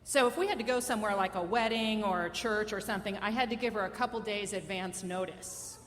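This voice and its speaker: A woman's voice: mid-range voice, a little fast, a bit bright, big-room sound, a little hiss or hum. Wry woman telling a story on stage. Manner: conversational, wry and self-mocking. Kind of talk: live personal storytelling on stage. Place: stage at a live storytelling event.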